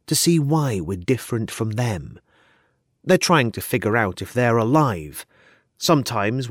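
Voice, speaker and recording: Calm, unsettling male storyteller. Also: medium pitch, no room sound, studio quality. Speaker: narrator. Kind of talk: first-person dramatic storytelling.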